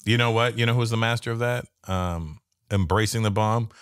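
A man's voice: on the low side, normal speed, clear, resonant tone, no room sound, studio quality. A man in his fifties from Canada, a stand-up comedian telling stories in casual chat, swearing freely and acting out the voices of people he quotes. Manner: profane, animated, acts out quoted voices.

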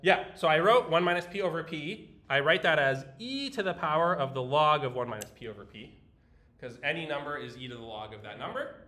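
A man's voice: fairly high pitch, lively intonation, brisk, bright, forceful tone. A man lecturing a university class in a chatty, explanatory way, with fillers and restarts. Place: large lecture hall. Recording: echoey lecture hall.

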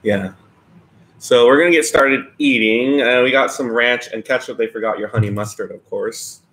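With a medium-pitched, slightly bright voice at a moderate pace, a man co-hosts a live eating stream indoors, lights dimmed at his back. He greets viewers by name, teases his partner, and keeps the chat casual.

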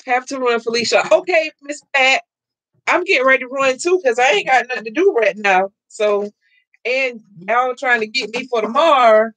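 A woman hosting a live crafting stream from home, loud and excitable, chatting with viewers and laughing often. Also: sits high, normal speed, no echo. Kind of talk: casual live-stream chat, reading viewer comments.

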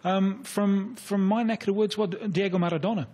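English male pundit, raised pitch, husky, easygoing and stumbling. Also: normal speed. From England. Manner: relaxed, self-deprecating, many restarts. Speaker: football expert guest. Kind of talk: casual radio discussion. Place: radio studio.

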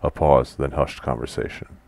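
Super deep flat-voiced guy reading a text game out loud, muttering commands. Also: moderate pace, gravelly, a little hiss or hum. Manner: reads game text aloud, chats between commands; quiet, mutters typed commands. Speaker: player reading a text adventure aloud. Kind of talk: casual let's-play commentary.

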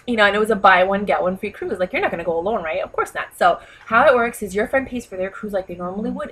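Woman, 30s, from New York, husky tone; animated, chatty vlogger. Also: mid-range voice, quick pace, few pauses, poor audio. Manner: chatty and animated, full of "you know" and "like". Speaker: vlogger giving speaking advice. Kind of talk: casual talk to camera.

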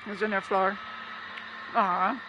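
A woman's voice: medium pitch, fairly even intonation, slow pace, lo-fi sound, background noise. A woman streaming a game, chatting casually with her chat and laughing often.

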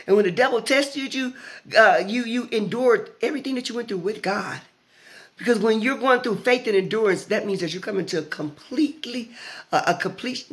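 A woman evangelist preaching fervently to an online audience, repeating phrases and shouting at the peaks. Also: medium pitch.

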